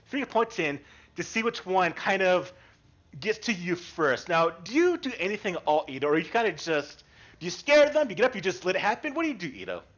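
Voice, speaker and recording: Male game master, high animated voice, rambling narration, dull lo-fi audio. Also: a little fast. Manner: rambling, restarts often, asks players what they do.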